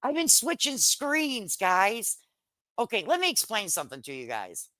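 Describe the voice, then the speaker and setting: A woman's voice: medium pitch, wildly swooping pitch, normal speed, bright, forceful tone, no echo. A middle-aged woman hosting a casual livestream, reading viewer comments in a brash, joking way, swearing lightly and laughing often. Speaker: livestream host.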